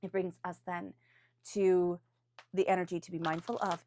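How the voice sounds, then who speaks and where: A woman's voice: on the low side, level tone, normal speed, mellow. A woman reading tarot cards for a weekly forecast, speaking off the cuff in an earnest, encouraging way. She often restarts her phrases and now and then calls on angels and spirit guides. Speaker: tarot reader.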